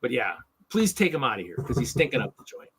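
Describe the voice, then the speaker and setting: Bright-voiced man ranting on a live stream. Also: mid-range voice, very animated, fast talker, breathy edge. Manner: ranting, exasperated, sarcastic, repeats himself. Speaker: host of a live toy-hobby stream. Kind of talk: casual live-stream chat.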